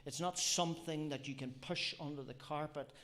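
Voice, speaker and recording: A man's voice: fairly high pitch, moderate pace, sharp tone. A man preaching a sermon, earnest and reflective, often repeating phrases and asking rhetorical questions. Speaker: lay preacher.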